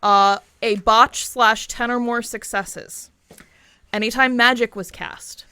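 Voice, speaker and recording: A woman's voice: fairly high pitch, fairly even intonation, takes it slowly, sharp tone, smooth, no room sound. A woman on a tabletop game podcast, chatting casually and laughing, reading a list with many ums and uhs. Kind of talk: casual laughing chat between players.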